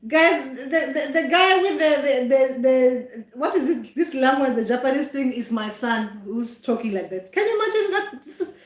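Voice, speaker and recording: A middle-aged woman with a South African accent and a high voice chats casually on a live stream from home. She laughs often and breaks into "ay, ay" exclamations, and the sound is roomy with echo. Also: lively intonation, normal speed, few pauses. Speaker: traditional healer hosting a live stream. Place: home room.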